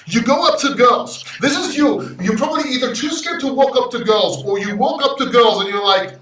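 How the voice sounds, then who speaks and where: A Greek man hosting a crypto livestream, talking to chat in an emotional, brash way, swearing and swinging between loud and quiet. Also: very high voice, animated, normal speed, far from the mic, soft background music. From Greece. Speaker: crypto YouTuber reading live chat. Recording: roomy echo, off-mic sound.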